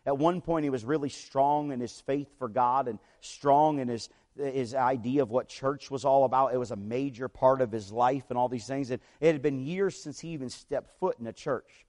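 A man's voice: medium pitch, moderate pace, hardly any pauses, a little mellow. A man preaching a sermon, telling a story in a conversational way and checking in with the congregation. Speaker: pastor.

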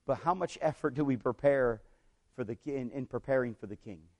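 A man's voice: medium pitch, brisk, a little mellow. A man preaching a sermon, telling a story in a conversational way and checking in with the congregation. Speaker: pastor.

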